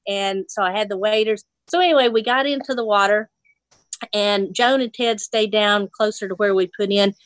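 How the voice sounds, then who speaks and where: A woman's voice: mid-range voice, normal speed, no echo. A woman from Nashville, a fly fishing instructor, telling a fishing story in casual chat, laughing often and acting out the voices she quotes. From Nashville, Tennessee.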